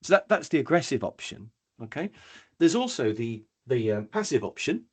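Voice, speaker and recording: Guy running a webinar workshop, husky voice, bounces all over the place telling a story. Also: mid-range voice, normal speed. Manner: lively storytelling, acts out quoted people. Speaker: workshop trainer. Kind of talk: webinar training talk.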